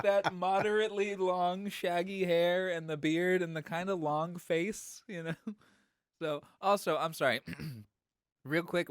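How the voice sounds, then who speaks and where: A man's voice: on the high side, no echo, clean studio sound. A man co-hosting a podcast, chatting casually and making analytical points about films. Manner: analytical, cites film details readily. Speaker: co-host.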